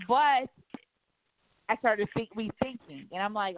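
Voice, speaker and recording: A woman radio talk host speaking in a casual, animated, emphatic way, often cursing and acting out quotes. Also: mid-range voice, a little slow, slight background noise. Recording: tinny phone-like line, dry.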